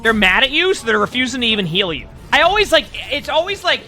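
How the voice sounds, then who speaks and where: High, very bright-voiced male streamer. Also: very animated, fast talker, soft background music. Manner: chatty, repeats himself, many "like" fillers. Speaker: streamer coaching a spectated player. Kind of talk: casual gameplay commentary.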